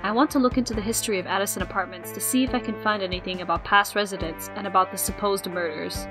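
A woman's voice: medium pitch, fairly even intonation, quick pace, natural voice. Woman reading brainy young boy inventor, precise, wordy, video game, music underneath.

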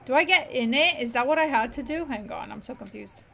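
A woman's voice: high voice, lively intonation, fairly quick, creaky, a bit bright, a little hiss or hum. A woman gaming streamer giving casual gameplay commentary, chatty and self-mocking, always saying "literally". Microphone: desk microphone.

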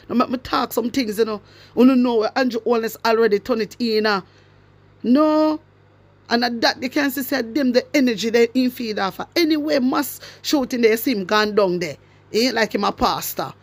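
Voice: mid-range voice, dry recording. Fiery Jamaican-accented commentator ranting. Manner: emphatic, repeats rhetorical questions, swings between loud and hushed. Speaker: social media commentator. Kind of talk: impassioned political rant to followers.

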